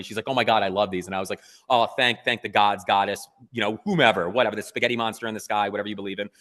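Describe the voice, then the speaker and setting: Male photographer guest, earnest and lively storyteller, long room reverb. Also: lowish voice. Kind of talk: casual interview talk.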